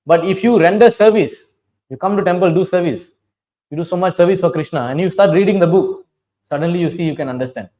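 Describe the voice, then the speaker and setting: A man teaches a devotional class, his voice sitting a little higher than most men's. He tells old stories, chants verses and keeps asking his listeners questions. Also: fast, mellow, rough recording. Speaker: preacher.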